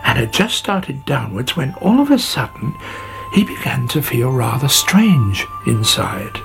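A storyteller reading a children's story aloud in an expressive, unhurried way. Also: medium pitch, gravelly. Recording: faint background music.

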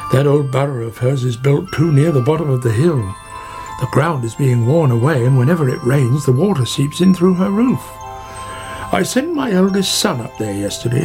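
A man's voice: on the high side, gravelly. A man reading a storybook aloud, voicing a chatty, concerned male otter, with music behind.

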